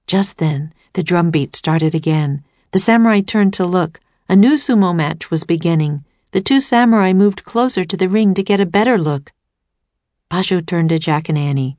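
A woman narrating a storybook aloud in a steady, clear way. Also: on the low side, normal speed, dry recording.

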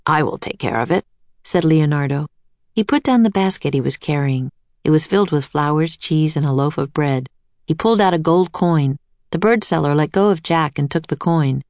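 A woman narrating a children's chapter book in clear, even storytelling. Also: deep voice, normal speed, dry recording.

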